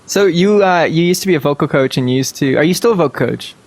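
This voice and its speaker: A man's voice: fairly high pitch, lively intonation, quick pace. A man hosting a casual interview show, talking in a playful, joking way and teasing his guest. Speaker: podcast host.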